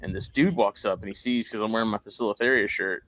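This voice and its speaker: A man's voice: on the low side, fast, fairly bright tone, a little hiss or hum, low-quality recording. A man co-hosting a podcast, telling rambling stories in casual chat and acting out the people in them. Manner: rambling storyteller, acts out quoted people. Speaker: podcast co-host.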